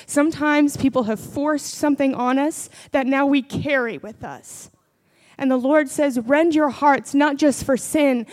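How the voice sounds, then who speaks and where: A woman's voice: high voice, darkish tone. A woman preaching a sermon and testifying about her own faith, earnest and building to fervent prayer.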